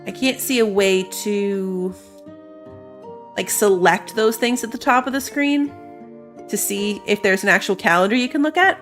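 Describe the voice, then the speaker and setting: A woman's voice: mid-range voice, measured pace, soft background music. Chatty woman narrating her gameplay. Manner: chatty and playful, thinking aloud. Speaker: gamer. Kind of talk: casual game commentary.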